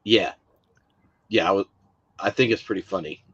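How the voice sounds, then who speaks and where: A man's voice: low voice, moderate pace, dull audio, a crowd in the background. A man co-hosting a podcast, chatting casually with many fillers and restarts. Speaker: podcast co-host. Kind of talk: casual chat.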